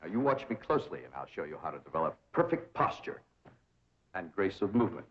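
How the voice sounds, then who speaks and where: Pompous society dandy, theatrical, flowery, animated pitch, faint hiss. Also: male voice, fast. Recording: dull old TV sound.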